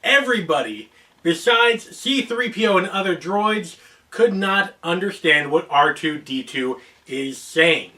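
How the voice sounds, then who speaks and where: An American man hosts a casual explainer video in a playful, joking manner. His voice sits high and bright. The mic is placed a little away from him. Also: lively intonation, unhurried, distant mic. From United States (Oregon). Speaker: host.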